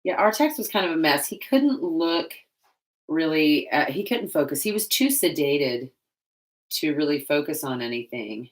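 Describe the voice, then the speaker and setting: Low-voiced woman rambling casually while she paints, laughs a lot. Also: animated, moderate pace. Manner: chatty, laughing often, rambling. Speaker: vlogger.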